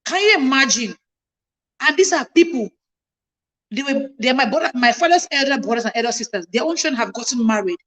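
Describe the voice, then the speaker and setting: A woman's voice: sits high, animated, fairly quick, a bit bright, poor audio. A woman in her thirties telling a personal family story to her viewers, emphatic and passionate, her voice climbing when she gets indignant. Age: 30s. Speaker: livestream host.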